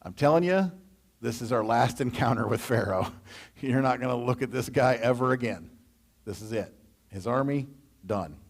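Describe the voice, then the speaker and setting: A man with a Midwestern American accent leading a church Bible study, reading scripture and then adding animated, conversational asides. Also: medium pitch, normal speed, breathy edge.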